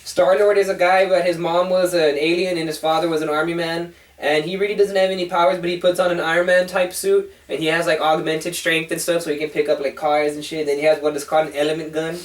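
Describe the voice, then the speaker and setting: A man's voice: a little high, flat delivery, quick pace, hardly any pauses. Brief: laid-back male co-host, rambling and casual, mic at a distance. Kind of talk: casual comedy chat. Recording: echoey room, mic at a distance.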